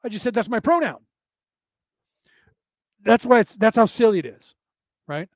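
Male podcast host, high pitch, dry close recording; sarcastic, rambling, swears freely. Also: lively intonation, normal speed, no room sound. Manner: rambling, sarcastic, profane, acts out quoted exchanges. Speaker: podcast host teaching a class. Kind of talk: casual lecture-style monologue.

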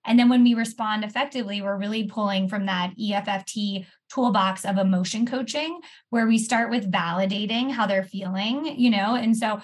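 A woman's voice: medium pitch, normal speed, hardly any pauses. A woman therapist in a podcast interview, walking through steps one by one with everyday examples. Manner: warm explanatory, walks through steps with examples. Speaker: therapist guest.

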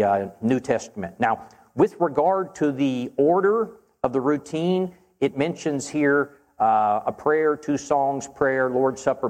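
A man preaching and answering Bible questions in an earnest, measured way, slowing down to stress key phrases. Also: mid-range voice, a little mellow. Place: church auditorium. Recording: long reverb of a church hall.

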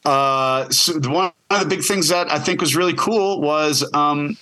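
A man who co-produces the podcast drops in as its guest for a loose, jokey, wandering chat. His voice sits on the high side with a sharp tone, and he talks a little slowly, rambling, correcting himself, and cracking jokes.

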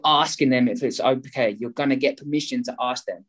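A man, a guest explaining his property method in an energetic way, acting out both sides of phone calls. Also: mid-range voice, a little fast, hardly any pauses.

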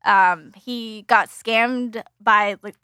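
Bright high-voiced woman recapping a film. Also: steady tone, extremely slow, smooth, no echo, lo-fi sound. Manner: rambling, filler-heavy, laughs often. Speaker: podcast co-host. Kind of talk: casual chat recapping a film.

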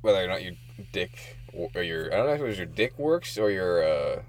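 A man's voice: sits low, big pitch swings, brisk, a little hiss or hum. A man co-hosting a casual podcast, teasing his friend with crude humor and giggling. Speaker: podcast co-host. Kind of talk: casual joking chat.

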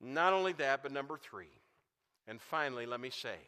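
A man's voice: medium pitch, animated, moderate pace, bright, forceful tone, clear, resonant tone. A man preaching a sermon as pastor, building emphasis with repeated phrases. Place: church sanctuary. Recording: long reverb of a large hall.

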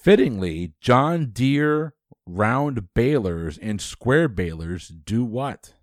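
A man hosting a trivia quiz, reading questions briskly and dropping dry quips. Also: mid-range voice, big pitch swings, dry recording.

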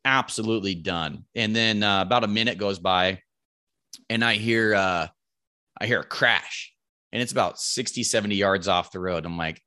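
Animated and swearing freely, a man casually tells a hunting story, acting out what was said in a loud, raised voice. His pitch sits on the low side and he talks at a normal speed.

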